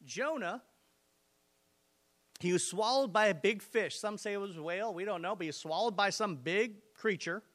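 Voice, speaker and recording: A man's voice: sits high, moderate pace, a bit bright. A man preaching a sermon with energy and emphasis, reading scripture and putting direct questions to his listeners. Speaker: pastor.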